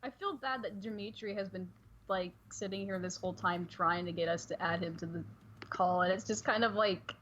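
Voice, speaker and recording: A woman's voice: mid-range voice, moderate pace, fairly bright tone, a little hiss or hum. A woman co-hosting a casual livestream chat, chatty and apologetic. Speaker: stream co-host. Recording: dull lo-fi mic.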